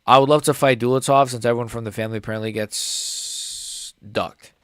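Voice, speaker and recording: A man's voice: medium pitch, fairly even intonation, a little fast, clean tone, no room sound, studio quality. Casual young man rambling fight talk. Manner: rambling, filler-heavy, says "like" and "bro" often. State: voice cracking upward at times. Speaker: host of a live fight reaction stream. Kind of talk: casual live reaction chat.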